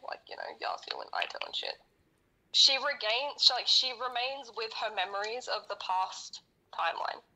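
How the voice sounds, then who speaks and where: A woman's voice: fairly high pitch, sharp tone, rough recording. A woman co-hosting a podcast, retelling a story in casual chat. She rambles, laughs and swears heavily. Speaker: podcast co-host.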